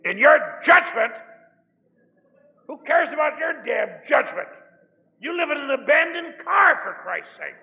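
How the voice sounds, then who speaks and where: A man voicing a gruff, impatient male sponsor who barks blunt, scornful orders at a recovery meeting. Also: very high voice, animated, normal speed, long reverb tail, dull audio, pitched above the performer's own voice. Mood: scornful shouting. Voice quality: barking, shouting.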